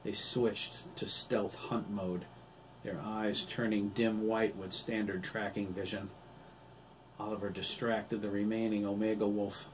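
A man, the author, reading his own novel aloud in a steady, even storytelling delivery. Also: on the low side, measured pace. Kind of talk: audiobook narration. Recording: distant mic with faint background noise.

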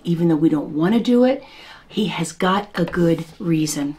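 Devotional podcast host: woman, low and gravelly voice, easygoing storyteller. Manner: conversational, gentle storytelling. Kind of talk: devotional Bible teaching.

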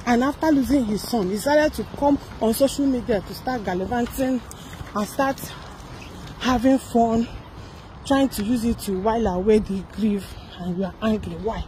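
A woman's voice: on the high side, normal speed, warm tone, slight background noise, low-quality recording. A young Nigerian woman giving a sarcastic gossip commentary, firing off mocking rhetorical questions. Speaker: celebrity gossip vlogger. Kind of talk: satirical commentary vlog.

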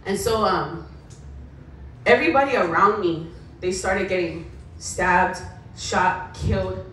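A young adult woman with a Hawaiian accent bluntly tells her life story to a school assembly as a motivational speaker. Her voice is lowish, slow and a bit bright, sounding far off in an echoey gym or hall with slight background noise.

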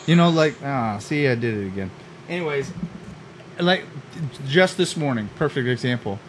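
A man's voice: mid-range voice, normal speed, slight background noise. A young adult man co-hosting a casual podcast, swearing freely and acting out quotes as he tells stories. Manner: profane, animated storytelling with acted-out quotes. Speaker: podcast co-host. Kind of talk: casual chat.

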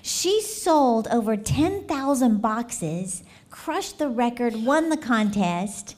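A woman speaking as a guest preacher in a church, telling a story in a lively, animated way, often laughing and asking the congregation questions. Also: on the high side, takes it slowly.

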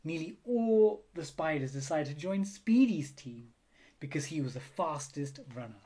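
Slow, expressive man reading a storybook. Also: fairly high pitch. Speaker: storybook reader. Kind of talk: reading a children's picture book aloud.

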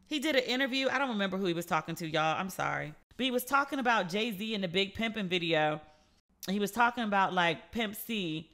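A woman hosting her own podcast and chatting casually, telling gossipy stories in a lively way and acting out the people she quotes. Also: fairly low pitch. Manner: animated, gossipy storytelling with quoted voices. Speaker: podcast host. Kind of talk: casual solo podcast chat.

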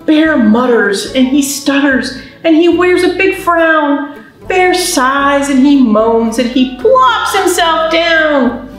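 A woman's voice: sits high, animated, takes it slowly, faint music behind. A woman librarian reading a picture book aloud and teaching signs to babies and parents, in a sing-song storytime manner. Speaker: children's librarian. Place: library, roomy space. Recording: very echoey room, mic at a distance.

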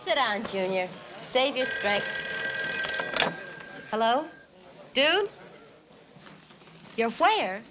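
A woman's voice: on the high side, sing-song, extremely slow, long pauses, heavy background noise, full character voice. An actress playing a brassy, world-weary woman from a speakeasy, in a 1960s film.

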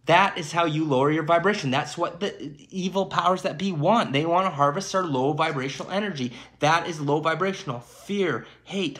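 A channel host with a somewhat high, slightly bright voice delivers an emphatic, preachy spiritual monologue to his viewers. He keeps checking in with "okay" and "my friends."

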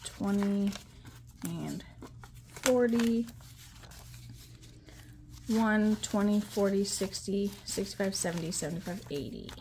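A woman talking casually to viewers while she counts money out loud, chatty and with frequent ums. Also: medium pitch, slow pace, pauses often, a little hiss or hum. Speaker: budgeting vlogger.

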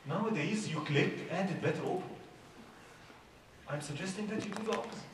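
A man's voice: high-pitched, brisk. A middle-aged man from Egypt, giving an informal religious talk to young people and firing off rhetorical questions. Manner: conversational, asks many rhetorical questions. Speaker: youth speaker. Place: large hall at a religious youth event. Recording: echoey hall, far from mic, background noise.

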